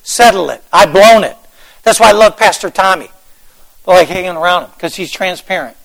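A man delivers a fervent sermon, repeating key phrases and building up to shouts. His voice sits very high for a man and has a gravelly edge. The tone is bright and forceful. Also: fairly quick, rough recording. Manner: fervent, repetitive preaching with rising shouts. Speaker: pastor.

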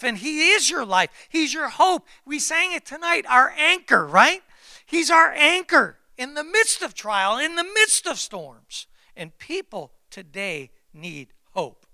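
A man preaching a sermon as pastor, emphatic and repetitive, calling out to the congregation and swinging between loud exclamations and hushed confiding. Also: extremely high pitch, gravelly, dry recording, studio quality. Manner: repeats phrases and calls out to the congregation.

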